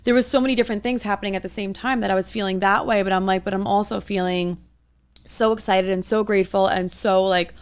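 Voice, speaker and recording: A woman's voice: mid-range voice, steady tone, quick pace, clean tone. A young woman co-hosting a podcast as a coach, talking in an earnest, rambling way full of "like". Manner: earnest, rambling, heavy use of "like". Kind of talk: casual chat.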